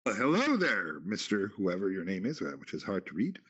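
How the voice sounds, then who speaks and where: A man co-hosting a goofy call-in radio chat, bouncing his voice up and down in a playful, mock-announcer way. His pitch swings widely from line to line. The sound is dull and lo-fi, like audio passed through a walkie-talkie app. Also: wildly swooping pitch, fairly quick, a bit bright, breathy edge. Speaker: co-host.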